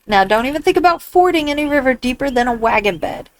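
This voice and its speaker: A plain-spoken frontier ferryman, read by a woman in a put-on accent, laying out the choices for crossing the river. The voice sits a little high. It keeps a steady, businesslike game-dialogue delivery. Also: fast talker, a little hiss or hum, low-quality recording. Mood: matter-of-fact. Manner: put-on accent, reading his lines aloud.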